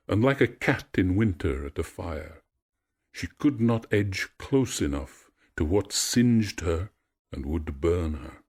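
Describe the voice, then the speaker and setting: A man narrating a myth in a measured, expressive storytelling voice. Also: low voice.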